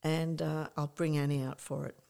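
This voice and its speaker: An older woman, a guest in a casual interview, telling lively anecdotes with many restarts and fillers. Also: low voice, normal speed, creaky. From Australia.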